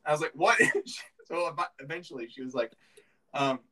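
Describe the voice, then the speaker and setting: A man's voice: on the high side, moderate pace, sharp tone, recorded from a distance, low-quality recording. A young man hosting a podcast, telling a story in casual chat and laughing often. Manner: giggly storytelling, frequent laughter. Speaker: podcast host.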